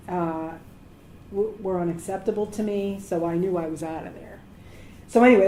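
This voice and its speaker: Middle-aged woman, medical assistant, animated storyteller giving career tips, roomy echo with faint background noise. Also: mid-range voice. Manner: lively storyteller acting out quoted voices. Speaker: medical assistant speaking to students. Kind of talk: career advice talk. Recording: echoey room with faint noise.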